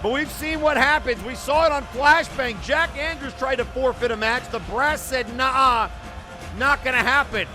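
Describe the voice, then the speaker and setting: A man calling play-by-play for an online wrestling show, excitable and bursting into frantic shouting at big moments. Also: extremely high pitch, normal speed, hardly any pauses. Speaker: wrestling commentator. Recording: loud music and crowd noise behind.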